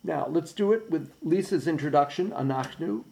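With a piano playing alongside, a male choir director gives precise, patient rehearsal instructions and counts in beats. His voice is a little high and creaky, and he speaks at a moderate pace.

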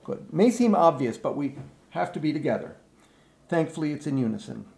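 A man leading a choir rehearsal from a recording, explaining breathing and diction slowly and singing short phrases to show them. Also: a little high, animated, creaky, dark tone. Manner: slow, deliberate, breaks off to sing the phrases. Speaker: choir director. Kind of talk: spoken choir rehearsal instructions with sung demonstrations.

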